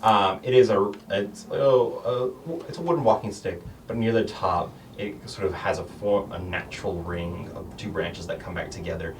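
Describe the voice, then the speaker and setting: A man's voice: sits low, moderate pace, few pauses. A man narrating as game master of a tabletop game, rambling with many fillers. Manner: rambling, filler-heavy, laughing often. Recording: distant mic, faint noise.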